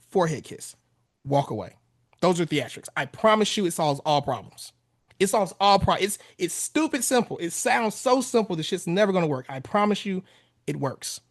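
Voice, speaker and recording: A man's voice: a little high, no echo, studio quality. A man in his thirties, a relationship coach giving blunt, casual advice on a podcast and swearing freely. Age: 30s.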